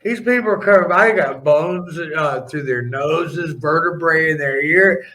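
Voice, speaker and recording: Middle-aged man, podcast guest, animated rambling storyteller, bright forceful tone, slightly high voice. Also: unhurried, rough recording. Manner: animated, rambling anecdotes with laughs and restarts. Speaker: podcast guest, former pro wrestler. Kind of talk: storytelling in a casual interview.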